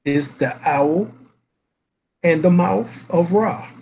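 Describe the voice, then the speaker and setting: A man with a high-pitched voice delivers a lecture, citing dictionaries and spelling out words letter by letter. He talks emphatically and poses rhetorical questions to his listeners. A faint ambient hum sits behind him. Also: slow pace, gravelly, darkish tone, low-quality recording. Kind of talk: reading and explaining references.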